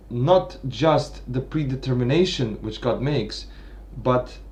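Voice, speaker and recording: A man's voice: medium pitch, darkish tone. Man lecturing, restarting phrases often. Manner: thinking aloud, many restarts and "right?" checks. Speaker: literature commentator. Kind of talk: unscripted analytical lecture.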